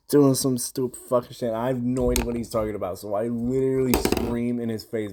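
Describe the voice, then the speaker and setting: A man's voice: medium pitch, normal speed, dark tone, slight background noise. A young man ranting through a gaming story from his room in casual slang, swearing constantly and rambling. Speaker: gamer recapping a session.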